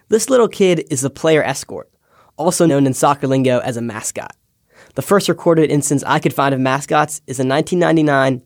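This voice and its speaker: A man's voice: mid-range voice, darkish tone, dry recording, studio quality. A young American man, an intern, reading a wry scripted personal essay about his childhood. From United States. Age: young adult. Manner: wry, storytelling read. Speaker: podcast intern.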